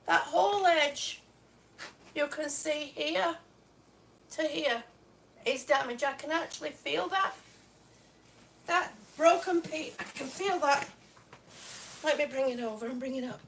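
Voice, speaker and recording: A woman with a very high voice, on a live stream at home, looks over damaged tiles at an unhurried pace. Her tone is exasperated and sarcastic, and she swears now and then. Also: gravelly, a bit bright, slight background noise. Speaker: vlogger. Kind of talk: live-stream product complaint. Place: home, indoors.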